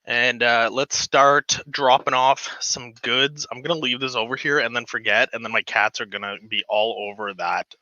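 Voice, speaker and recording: A man hosting a casual home livestream, chatting and rambling with lots of fillers, excited and a bit giddy. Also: mid-range voice, moderate pace, few pauses, dry recording, lo-fi sound. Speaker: livestream host. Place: home model railroad room.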